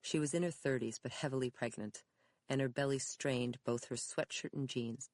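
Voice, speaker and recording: Steady mystery audiobook narrator, even pitch, super dry recording. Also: dry recording. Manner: steady, measured storytelling. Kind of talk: scripted narration.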